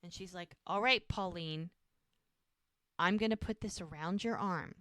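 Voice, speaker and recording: Co-hosting a podcast, a woman casually recaps a TV episode and acts out the characters' lines as she retells the scenes. Her voice is lowish and a little bright, with a measured pace. The recording is studio quality with no room sound.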